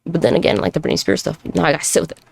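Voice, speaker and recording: A woman in her thirties talks alone on her podcast, her voice heavily gravelly with vocal fry. The sound is dry and close. She rambles, swears freely, and hops from one thought to the next as she moves around the room. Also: low-pitched, animated, racing, dry recording. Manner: rambling, profane, self-reflective, jumps between topics; moving around while talking. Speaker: podcast host. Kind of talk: solo podcast monologue. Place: at home with neighbors nearby.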